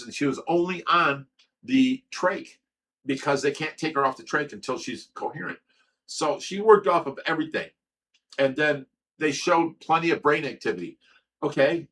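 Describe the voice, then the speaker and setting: A man's voice: fairly high pitch, fairly bright tone, far from the mic. A man hosting a livestream, telling a long personal story in a rambling way, stammering and repeating himself with lots of fillers. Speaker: livestream host of a fish rescue.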